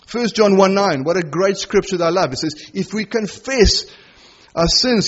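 A middle-aged man preaching a sermon with passion, rising to loud emphasis and dropping to soft, tender asides. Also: fairly high pitch, slightly rough, highs cut off.

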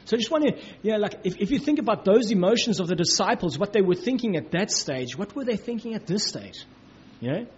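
A man's voice: high-pitched, expressive, fast, slightly rough. A man giving a conversational Bible teaching, filling his talk with "you know" and acting out the quotes. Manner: informal, many "you know, like" fillers, acts out quotes. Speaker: preacher. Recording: dull lo-fi recording.

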